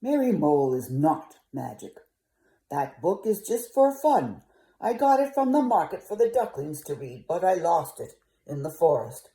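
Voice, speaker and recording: A woman's voice: lowish voice, sing-song, unhurried, roomy sound. A prim mother duck, as a grandmother reads her. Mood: scolding. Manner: matter-of-fact, gently scolding.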